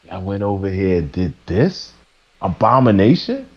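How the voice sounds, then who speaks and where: A man's voice: sits low, big pitch swings, moderate pace, a little mellow, lo-fi sound. A man voicing a stern male God who scolds his chosen people in a disappointed tone. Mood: scolding.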